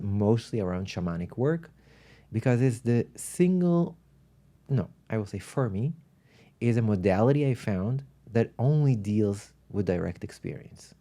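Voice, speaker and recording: A man, a spiritual teacher, speaking in an animated, thoughtful way while telling stories in a podcast conversation. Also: on the low side. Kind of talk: reflective storytelling in conversation.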